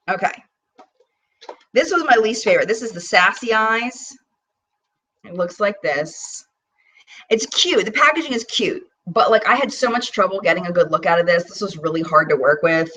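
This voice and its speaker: A woman's voice: mid-range voice, recorded from a distance, low-quality recording. Chatty woman reviewing makeup live. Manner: animated and chatty, with bursts of mock disbelief. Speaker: beauty vlogger hosting a live chat. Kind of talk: casual live-stream chat with product swatching.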